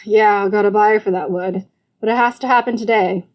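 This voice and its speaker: A woman's voice: medium pitch, fairly even intonation, a little fast, darkish tone, natural voice. A woman voicing a curt, tired work boss. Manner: curt, matter-of-fact. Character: brusque construction supervisor, tired and hurried. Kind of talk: audiobook character voice.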